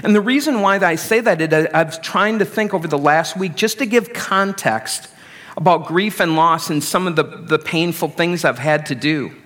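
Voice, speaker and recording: A man's voice: on the high side, moderate pace, a bit bright. A middle-aged man preaching a sermon as pastor, conversational and self-deprecating.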